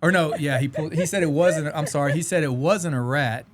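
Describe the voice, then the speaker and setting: A man's voice: a little high, fairly quick, very noisy. A man from Southeast Texas, hosting a casual music podcast and telling folksy stories with easy laughs. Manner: folksy storyteller, laughs easily. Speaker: podcast host. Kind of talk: casual interview chat.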